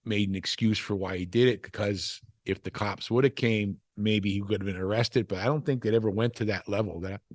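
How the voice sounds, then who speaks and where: A man's voice: on the low side, steady tone, a little fast, few pauses, dry recording, studio quality. Rambling older man telling old stories. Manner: rambling, with many restarts and "you know" asides. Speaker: interview guest, former wrestler. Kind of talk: casual storytelling chat.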